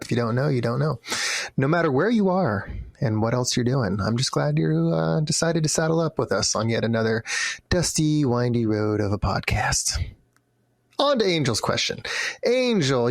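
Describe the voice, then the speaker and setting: A man's voice: medium pitch, gravelly, dry recording, clean studio sound. A man co-hosting a casual podcast, joking and laughing often and acting out little voices in his stories. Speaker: podcast co-host.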